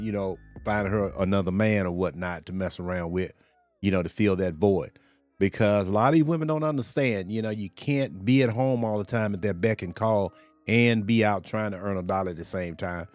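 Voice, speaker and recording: Rambling low-voiced man reacting to a clip. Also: a little mellow. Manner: rambling, full of "you know" and "or whatnot". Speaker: commentary channel host. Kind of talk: reaction commentary.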